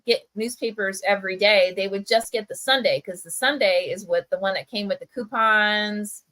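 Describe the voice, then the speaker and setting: A middle-aged woman tells a story over a video call livestream. Her voice is bright and forward, at a middling pitch. She talks in a loose, chatty way and fills her sentences with "like", "you know" and "right?". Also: normal speed, rough recording. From Camden, New Jersey. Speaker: press editor.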